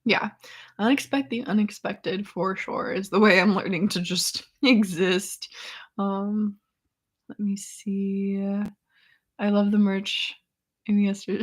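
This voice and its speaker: A woman's voice: medium pitch, a little slow, fairly bright tone. A young woman hosting a casual livestream chat, reading viewers' comments, laughing often and trailing off with ums. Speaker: chronic illness vlogger hosting a live chat.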